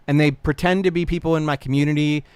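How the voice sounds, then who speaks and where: Animated, blunt male streamer, clear voice. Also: on the high side, fast, no echo. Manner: animated and blunt, swears freely, talks to chat. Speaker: livestream host. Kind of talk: casual livestream reaction.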